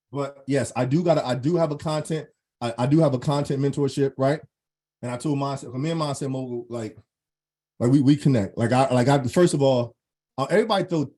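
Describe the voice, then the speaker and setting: A man giving an emphatic, high-energy motivational talk as a guest speaker on an online group call, repeating phrases for emphasis. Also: dark tone, slightly rough. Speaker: guest speaker and content mentor. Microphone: online call microphone.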